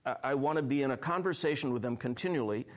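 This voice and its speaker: Relaxed man pastor chatting. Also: mid-range voice, quick pace. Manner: relaxed, laughs easily, tells anecdotes. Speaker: church pastor. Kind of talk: conversational discussion.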